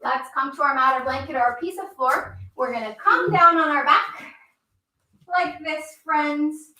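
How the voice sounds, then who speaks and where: A woman's voice: high-pitched, measured pace, pushed and bright, far from the mic. A woman leading a children's yoga story time, reading the story and coaching kids through poses with encouragement. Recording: echoey room, voice from off mic.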